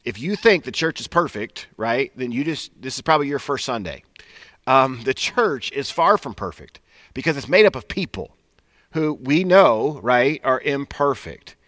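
A man's voice: mid-range voice, very animated, normal speed, fairly bright tone, no room sound, clean studio sound. Conversational man preaching a sermon. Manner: conversational, folksy preaching with frequent "right?". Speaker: pastor.

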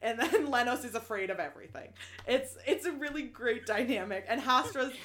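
A woman recapping a novel in casual chat, animated and laughing often, swearing freely and full of restarts. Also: on the high side, a little fast, a little hiss or hum.

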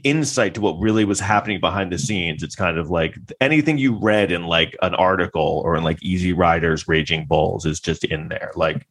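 A man's voice: low voice, a bit bright. A man hosting a podcast, rambling through a mocking, casual commentary with many restarts. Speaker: podcast host.

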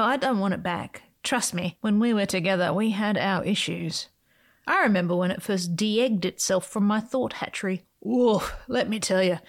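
A woman hosting her own podcast, reading a playful, whimsical script with sudden swoops in pitch. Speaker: podcast host.

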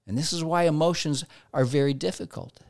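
A man's voice: a little high, fairly quick. A man giving a conversational Christian teaching talk, acting out everyday dialogue in quoted asides.

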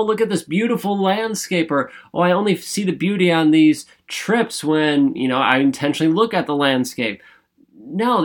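A man hosting a motivational podcast, enthusiastic and chatty, with rambling asides and jokes at his own expense. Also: fairly high pitch. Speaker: podcast host. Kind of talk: upbeat motivational podcast talk.

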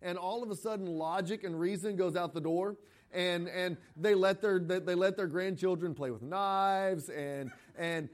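A middle-aged pastor delivers a sermon with a noticeably high-pitched voice. He speaks conversationally and animatedly, telling stories and slipping into quoted voices. His phrasing is loose, with frequent repeated words and restarts.

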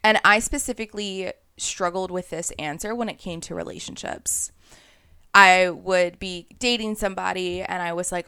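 Gravelly-voiced woman hosting a spiritual podcast. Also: fairly low pitch, normal speed, bright, forceful tone, dry recording, clean studio sound. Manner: earnest, conversational, acts out inner voices. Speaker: podcast host.

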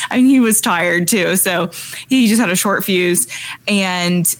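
A woman's voice: fairly low pitch, unhurried, dry recording. A woman co-hosting a podcast, telling a personal story in a rambling way with lots of fillers. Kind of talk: casual storytelling.

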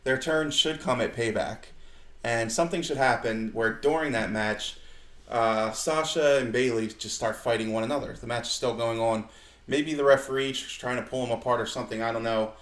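A man's voice: medium pitch, moderate pace, fairly bright tone, echoey room. A man co-hosting a wrestling podcast, chatting casually and enthusiastically. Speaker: podcast co-host. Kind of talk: casual chat.

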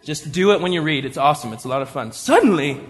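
A man preaching a sermon in an animated way, acting out the people in his story. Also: on the high side, rapid-fire. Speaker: pastor. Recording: long hall reverb.

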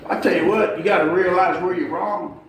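High-voiced preacher in an echoey hall. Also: male voice, steady tone, a little fast. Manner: folksy, emphatic, calls for amens. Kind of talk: sermon. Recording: echoey hall from far off, noisy.

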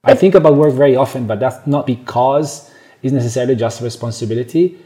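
A man's voice: medium pitch, fast, mellow. A man with an Italian accent, speaking enthusiastically as a podcast guest. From Italy. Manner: enthusiastic, passionate. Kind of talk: interview clip.

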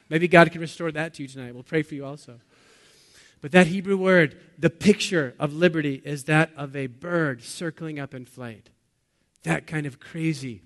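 A pastor preaches a sermon to his congregation, posing questions to them. His delivery swings between loud bursts and quiet, low lines.

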